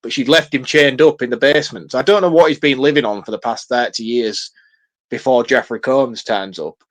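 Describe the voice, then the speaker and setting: Relaxed, chuckling podcast co-host. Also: male voice, medium pitch, fairly quick. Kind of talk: casual film review chat.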